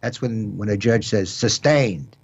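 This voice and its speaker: Over dull, lo-fi broadcast audio, a retired judge with a New York accent talks through legal matters on his casual radio show. He's an older man whose voice is fairly low and creaky, and his measured, explanatory delivery is full of repeated words and restarts.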